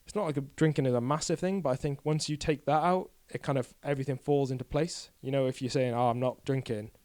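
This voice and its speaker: A man's voice: mid-range voice, fairly even intonation, fast, darkish tone, dry recording. A young man, a podcast guest talking candidly and a bit ramblingly, poking fun at himself. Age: 20s. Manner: candid, rambling, self-deprecating. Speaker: guest cyclist. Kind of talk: casual podcast chat.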